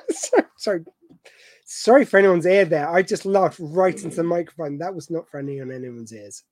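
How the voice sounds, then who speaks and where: A man's voice: fairly high pitch, lively intonation, fairly quick, a little mellow, no echo. British guy cohosting a podcast, jokey, goes off on tangents, dry close mic. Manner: chatty, joking, rambling asides. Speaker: podcast co-host. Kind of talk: casual chat.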